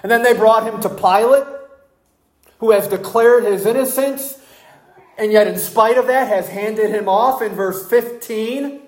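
A preacher giving an expository sermon, speaking slowly and emphatically and asking the congregation rhetorical questions. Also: mid-range voice. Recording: echoey room.

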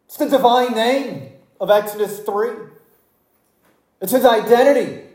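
A preacher giving an expository sermon, speaking slowly and emphatically and asking the congregation rhetorical questions. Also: mid-range voice, darkish tone. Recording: echoey room.

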